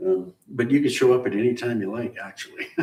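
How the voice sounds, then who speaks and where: A man's voice: mid-range voice, dark tone. A middle-aged man hosting a live car-building stream. He chats casually and rambles through shop-talk explanations, chuckling now and then. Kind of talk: casual live chat with viewers. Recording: roomy, distant mic with faint hiss.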